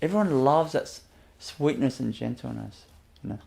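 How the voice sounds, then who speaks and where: A man giving a spiritual teacher's webinar talk, gently, chuckling often and repeating his phrases. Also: medium pitch, lively intonation, normal speed, creaky.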